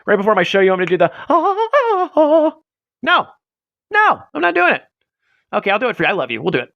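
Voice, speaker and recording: Goofy, creaky-voiced livestream host. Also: male voice, sits high, wildly swooping pitch, very fast, no room sound, dull audio. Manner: goofy, rambling and self-mocking. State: voice getting strained. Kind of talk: casual livestream chat.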